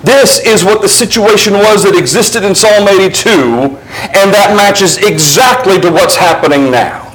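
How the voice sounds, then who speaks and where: A man preaching a sermon, reading scripture aloud and explaining it verse by verse, dropping low for emphasis and rising for quoted passages. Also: low-quality recording. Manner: shifts between low, quiet emphasis and raised, quicker passages.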